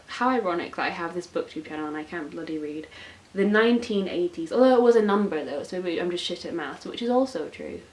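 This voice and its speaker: A woman's voice: fairly low pitch, expressive, fast talker, a little mellow, low-quality recording. Chatty young woman, gushing. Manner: chatty and gushing, with filler words and self-mocking asides. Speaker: book vlogger. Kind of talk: casual chat. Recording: faint hiss.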